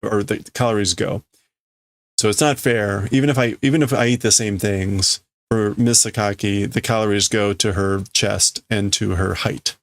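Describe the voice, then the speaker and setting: A man hosting a casual livestream, reading Japanese manga lines aloud and translating them haltingly as he thinks out loud. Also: lowish voice, steady tone.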